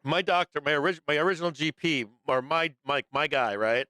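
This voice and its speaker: A man's voice: on the high side, brisk, sharp tone, dry recording, studio quality. A man hosting a livestream about the stock market, rambling and swearing casually as he talks to viewers and laughs often. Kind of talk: casual profane market commentary.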